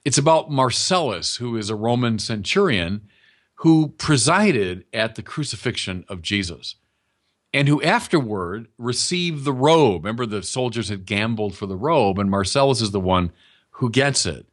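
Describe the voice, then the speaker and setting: A man's voice: mid-range voice, expressive, moderate pace. A man preaching a sermon in a conversational, emphatic teaching manner, often speaking straight to his listeners.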